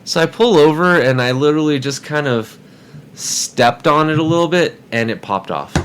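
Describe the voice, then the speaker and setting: A man's voice: fairly high pitch, expressive, normal speed, smooth. A man telling a story casually on a podcast, rambling and repeating words as he goes.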